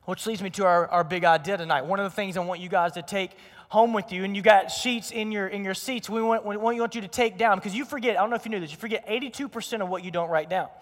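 Male pastor, young adult, sermon, lively storytelling, high voice, long hall reverb. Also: quick pace. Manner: energetic storytelling with acted quotes.

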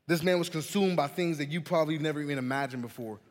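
A young man giving a youth sermon, telling a personal story in an animated, chatty way and often saying "man" and "listen". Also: on the high side, fast. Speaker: youth pastor. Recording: long hall reverb.

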